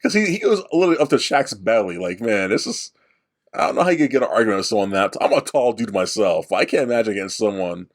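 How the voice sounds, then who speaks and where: A man's voice: fairly low pitch, lively intonation, racing, hardly any pauses. A man co-hosting a podcast, talking loosely about a movie with lots of fillers and casual swearing. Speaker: podcast co-host. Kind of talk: casual movie review chat.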